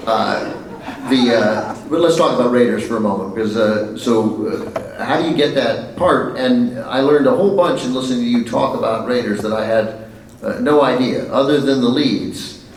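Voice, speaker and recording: A man hosting a stage Q&A, asking halting, rambling questions. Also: medium pitch, a little hiss or hum. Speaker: host. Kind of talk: interviewer at a stage Q&A. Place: festival stage Q&A. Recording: roomy, distant mic, faint ambience.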